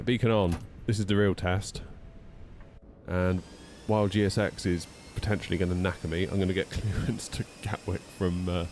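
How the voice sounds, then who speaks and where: A man chatting casually on a live stream, rambling and jumping up in pitch when exasperated. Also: a little mellow, slight background noise. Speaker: flight sim streamer.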